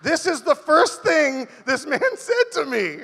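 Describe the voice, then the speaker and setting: A man doing a stand-up comedy monologue, rambling through animated stories. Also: very high voice, unhurried, in a large hall.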